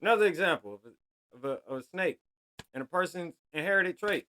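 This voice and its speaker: A man's voice: high voice, animated, brisk, bright, forceful tone. Blunt, slangy man lecturing on a podcast. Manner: blunt, profane street-slang storytelling; preachy, lecturing the listeners. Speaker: podcast host. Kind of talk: solo podcast monologue.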